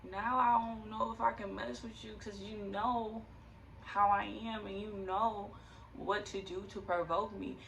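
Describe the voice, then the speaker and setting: Young adult woman, vlogger voice, gravelly and tearful, loose candid rambling, recorded from a distance with faint noise behind. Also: mid-range voice, steady tone, measured pace, a bit bright. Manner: rambling, fillers, nervous laughter. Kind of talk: candid personal vlog.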